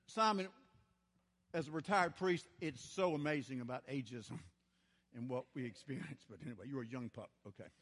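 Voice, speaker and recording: An older man preaching a sermon, telling stories in a folksy, dramatic way that swings from hushed to loud. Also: mid-range voice, a little fast. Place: large church. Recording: church hall with long reverb.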